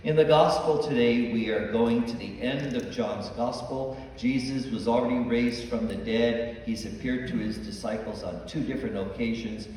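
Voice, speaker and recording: A priest delivers a homily in church, acting out the dialogue in his stories, recorded from a distance in an echoey hall with slight background noise. His voice is medium-pitched and a little mellow, moving at a moderate pace with barely any pauses.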